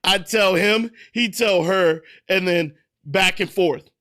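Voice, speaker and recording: Bright, high-voiced casual male streamer. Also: slow. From United States. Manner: loose and profane, laughs at himself. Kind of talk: casual livestream chat.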